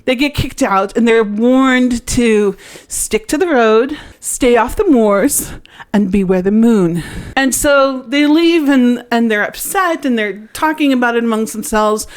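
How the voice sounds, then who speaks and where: A woman's voice: on the high side, a little slow. A woman hosting a casual podcast chat, insistently arguing her point. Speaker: podcast host.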